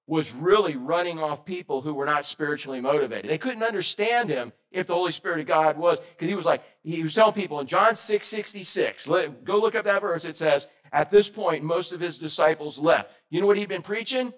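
A man preaching a sermon, lively and animated, questioning his congregation. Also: on the high side, brisk, hardly any pauses. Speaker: pastor.

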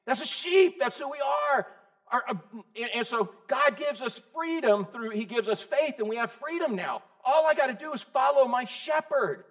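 High-voiced pastor preaching. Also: male voice, normal speed. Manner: lively, calls out to the congregation with questions. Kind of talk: sermon. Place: church.

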